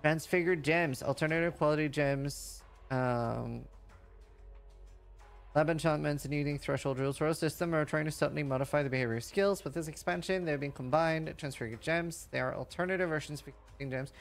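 A man streaming live, reading game patch notes aloud quickly and breaking into loud, excited reactions. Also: fairly high pitch, creaky, soft background music. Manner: reads lines quickly, then reacts with loud excited outbursts.

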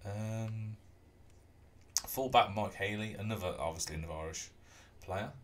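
A man whose voice sits on the low side offers casual, wandering commentary on a rugby video game during his stream. He talks at a moderate speed, stays relaxed, and hums to himself now and then.

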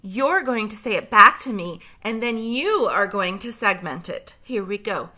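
A woman teaching a phonics lesson to young children, sounding out words slowly and clearly, with gentle encouragement. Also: medium pitch, lively intonation. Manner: clear, slow, drawn-out word sounding.

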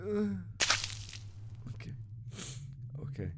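Excitable young man playing a horror game. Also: fairly high pitch, a little slow, long pauses, noisy background. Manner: excitable, yelps and shouts when scared. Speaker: gaming video host. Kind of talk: horror game let's play commentary.

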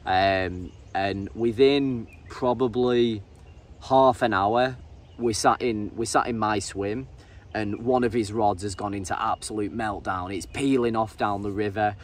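An English man narrating his fishing vlog in a casual, halting way, often repeating words and saying um. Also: lowish voice, steady tone. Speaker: angler and vlogger. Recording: distant mic with faint ambient noise.

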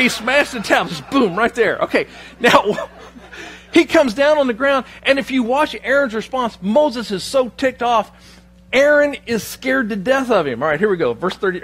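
A male pastor preaches in a fairly high, husky voice. He tells stories with humor and pokes fun at himself as he talks to his church. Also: fairly bright tone. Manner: humorous, self-deprecating storytelling. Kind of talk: sermon.

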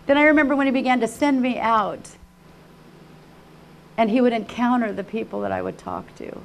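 Older woman, testimony sermon, fervent, repetitive phrasing, hushed to crying out, faint background hiss. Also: mid-range voice, lively intonation, brisk, vocal fry. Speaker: conference speaker. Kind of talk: emotional personal testimony sermon.

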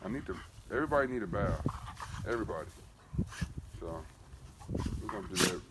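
A man with a lowish voice chats loosely with his viewers in casual, profane street talk, breaking off to talk to his dogs. The recording is noisy, with dogs moving and barking around him. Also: animated, a little fast. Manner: talks to his dogs between remarks to viewers. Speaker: dog breeder vlogger. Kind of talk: casual vlog chat.

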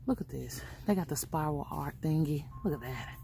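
A woman's voice: low-pitched, normal speed, creaky, warm tone, faint music behind. A woman chatting casually to her viewers while she shops in a store, calling them y'all and honey. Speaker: vlogger. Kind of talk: casual shopping vlog. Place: inside a store.

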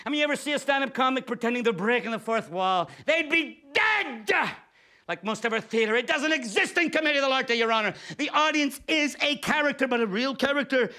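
Brash guy doing a comic stage rant, bright sharp voice, shouts and swears a lot. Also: very high-pitched, fast, hardly any pauses. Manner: brash, shouting, profane, mock-pleading. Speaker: stage performer. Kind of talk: theatrical comic monologue.

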